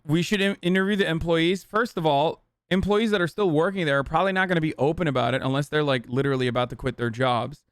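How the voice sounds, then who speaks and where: A male streamer in his thirties reacts on a live stream, cursing freely and mocking what he watches. His voice sits a little high and comes through smooth and clear. The sound is dry and close. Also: steady tone, quick pace, hardly any pauses, dry recording. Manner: profane, mocking, blunt. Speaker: streamer and political commentator.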